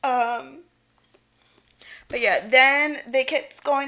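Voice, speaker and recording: Bright, playful woman podcaster. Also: high-pitched, animated, slow, vocal fry. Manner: playful, giggly, acts out quotes. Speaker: podcast co-host. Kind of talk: casual chat recapping a show.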